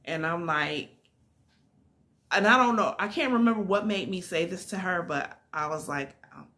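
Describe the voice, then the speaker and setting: Lower-voiced woman telling a story with animation. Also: normal speed. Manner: animated, emphatic storytelling with fillers. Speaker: vlogger telling a personal story. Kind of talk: casual storytime.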